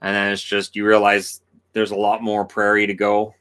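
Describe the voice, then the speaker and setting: Canadian man hosting a livestream, forceful bright tone, jokey and quick with silly voices. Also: fairly low pitch, monotone, clean tone. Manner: joking, playful, quick to slip into silly voices. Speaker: livestream host. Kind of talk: casual livestream chat.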